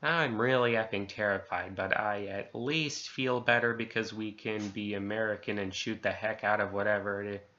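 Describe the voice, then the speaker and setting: A man's voice: on the low side, fairly even intonation, normal speed, few pauses, sharp tone. A man reading a first-person horror story aloud, with mild stand-ins for swear words and some stumbles and restarts. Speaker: story reader. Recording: dull lo-fi sound.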